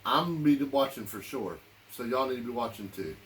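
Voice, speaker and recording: A man's voice: mid-range voice, expressive, fairly quick, a bit bright, a little hiss or hum. A man giving an angry, blunt and profane political rant to camera as a vlogger, repeating himself as he goes. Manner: heated, repetitive, blunt and profane.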